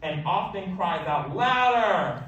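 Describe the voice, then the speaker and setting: A man reading a rhyming picture book aloud in a lively, sing-song way. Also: takes it slowly, recorded from a distance, lo-fi sound. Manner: lively, sing-song delivery with big pitch jumps. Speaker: storybook reader. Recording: echoey room, voice off-mic, faint hiss.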